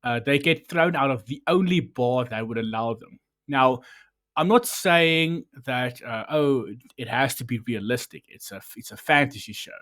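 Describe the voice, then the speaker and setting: Brief: a sarcastic podcast host, rambling and profane, in a mid-range voice. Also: male voice, medium pitch, moderate pace, fairly bright tone. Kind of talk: casual review chat.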